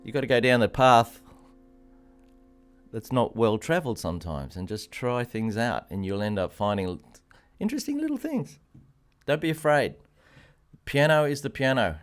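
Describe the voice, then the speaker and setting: Chatty Australian man with lively pitch. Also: moderate pace, clean tone. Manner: chatty, encouraging, greets viewers by name. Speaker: piano teacher. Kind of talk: live-stream piano lesson, chatting to viewers. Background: piano playing.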